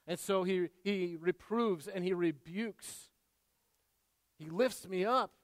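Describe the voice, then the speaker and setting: A man, a father, preaching a sermon in an earnest way, repeating words and moving between soft asides and loud emphasis. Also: sits high, slow pace, no room sound, long reverb tail. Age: adult father. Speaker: pastor.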